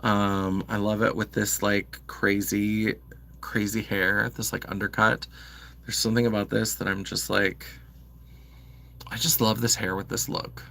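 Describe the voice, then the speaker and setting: A man's voice: lowish voice, level tone, a little slow, creaky, pushed and bright. A man hosting a live makeup stream, chatting casually with many fillers and answering viewers' comments. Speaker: livestream host. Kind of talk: casual makeup livestream chat.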